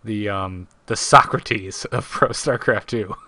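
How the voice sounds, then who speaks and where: A man's voice: lowish voice, slow, sharp tone, no echo. A man co-hosting a casual live podcast, running a trivia segment and reading quotes with playful emphasis.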